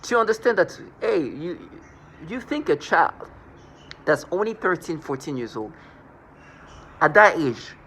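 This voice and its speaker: A man's voice: fairly high pitch, very animated, measured pace, pauses often, fairly bright tone, a little hiss or hum. A man rambling through a scornful personal monologue, restarting and repeating words as he goes. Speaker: vlogger.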